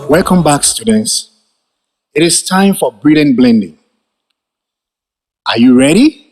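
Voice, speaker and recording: A man teacher opening a phonics lesson for children with an animated, sing-song teaching voice and a husky tone. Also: on the high side, takes it slowly, soft background music.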